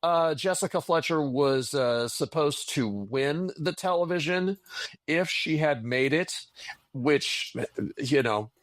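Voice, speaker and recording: A man's voice: a little high, takes it slowly, no room sound. A man co-hosting a casual podcast, rambling through a story with sarcastic asides. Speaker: podcast co-host. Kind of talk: casual chat about old TV.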